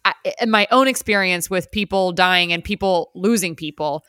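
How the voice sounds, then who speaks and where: A woman co-hosting a podcast, chatting casually about a movie, animated and giggly, acting out lines. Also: on the low side, normal speed, smooth, no room sound, studio quality. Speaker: podcast co-host. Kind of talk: casual chat recapping a movie.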